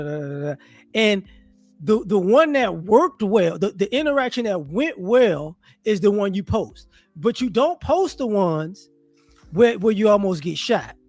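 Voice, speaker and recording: A man giving casual monologue commentary as an online commentator, animated and rhetorical, often restarting his sentences. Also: sits high, dry recording.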